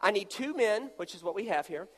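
A man's voice: high-pitched, a little fast. A man preaching a sermon, joking with volunteers as he acts out a demonstration. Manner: animated, jokey storytelling with volunteers. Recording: long hall reverb.

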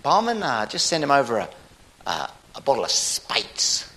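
A pastor voicing a laid-back New bloke in a pub joke, drawling and offhand. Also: male voice, mid-range voice, wildly swooping pitch, normal speed, noisy background, pitched above the performer's own voice.

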